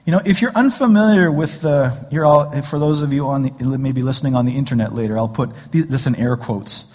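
A man's voice: mid-range voice, brisk, a little mellow. A man pastor giving a conversational sermon in a church sanctuary, with joking asides and rhetorical questions, heard with long hall reverb.

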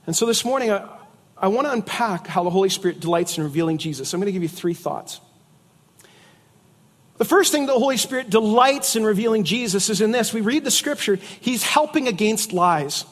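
High-voiced man preaching a sermon. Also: animated, fairly quick, long reverb tail. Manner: conversational preaching with jokes and asides. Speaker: pastor.

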